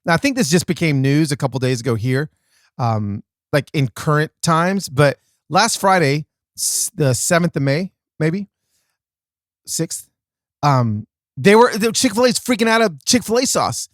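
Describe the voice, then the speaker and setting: A man's voice: on the high side, unhurried. A man with a slightly raised voice tells a casual story for his podcast. He exaggerates for laughs and often mocks himself. The sound is dry and close, with no trace of room echo. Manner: animated and self-mocking, with comic exaggeration and frequent restarts. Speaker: podcast host.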